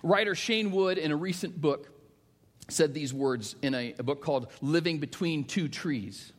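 A middle-aged male pastor preaching a sermon, telling stories that swing from hushed to emphatic. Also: fairly high pitch, normal speed. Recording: long reverb of a large hall.

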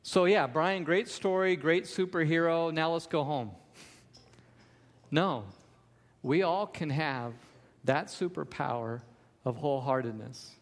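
A man's voice: fairly high pitch, a little slow, pauses often, in a large hall. A man preaching a sermon as pastor, emphatic, with repeated refrains.

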